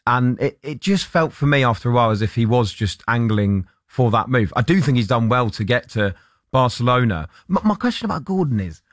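A man's voice: mid-range voice, fairly quick, no echo, clean studio sound. Man hosting sports radio. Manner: lively, questioning, builds points with asides.

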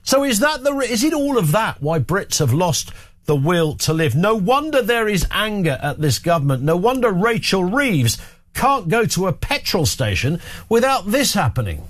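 A man's voice: high-pitched, sing-song, moderate pace. A man hosting an opinion talk show, delivering a sarcastic, scornful monologue with jokey asides. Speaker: host.

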